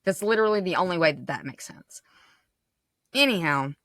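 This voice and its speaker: A woman's voice: lowish voice, lively intonation, brisk, fairly bright tone, no echo. A woman hosting a podcast, talking in a passionate, casual monologue that keeps checking in with "right?". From United States. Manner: passionate, frequent "right?" tags. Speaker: podcast host.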